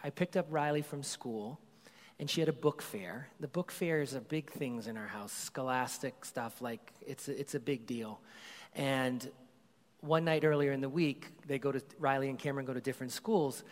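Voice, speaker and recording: A middle-aged man preaches in a relaxed, conversational way, talking to the congregation like he's chatting with friends. His voice sits at an ordinary pitch for a man and carries a long reverb from a big hall. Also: normal speed. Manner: conversational storytelling, animated when excited. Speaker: pastor. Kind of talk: sermon.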